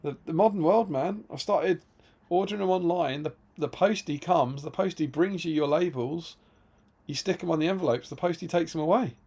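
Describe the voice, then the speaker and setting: A man's voice: a little high, moderate pace, darkish tone, breathy edge. A man co-hosting a live stream, chatting casually and telling rambling stories with many restarts. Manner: rambling, self-interrupting storyteller, reads chat aloud. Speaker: stream co-host.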